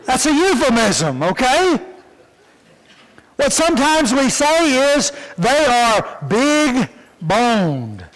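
Preacher, male, high-pitched, unhurried, folksy, church hall reverb. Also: a bit bright. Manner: folksy, repeats words when starting sentences. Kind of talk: sermon.

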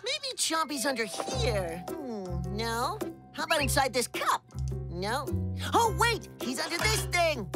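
A woman voicing a timid, jittery little male creature sidekick who stammers when frightened, over loud cartoon music. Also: sits high, big pitch swings, slow, exaggerated voice. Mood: playful.

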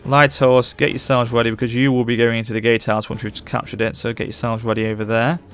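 A man commentating live on his strategy game as he plays, urging his units on and reacting loudly to the battle. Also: medium pitch, fast talker, soft background music. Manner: urgent, excitable, barks orders at units. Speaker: gaming channel host.

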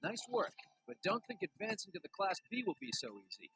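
A brash, husky radio DJ. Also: male voice, sits high, very animated, brisk, a bit bright, full character voice, poor audio. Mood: announcing. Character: brash upbeat male radio DJ. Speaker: in-game radio DJ. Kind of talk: scripted radio DJ patter.

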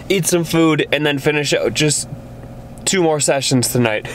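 A man's voice: a little high, normal speed, a little hiss or hum. A young man talking casually to his viewers on a handheld camera, outdoors in freezing weather and cold enough that it shows in how he talks. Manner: chatty, addresses viewers directly. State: cold, shivering. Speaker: vlogger. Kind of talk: casual vlog chat.

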